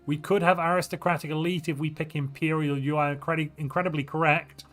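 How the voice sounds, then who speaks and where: A man with a fairly high, slightly bright voice talks quickly and in a level tone as he streams a strategy game. Faint music plays while he thinks aloud, weighs his options, and reacts playfully to viewer chat.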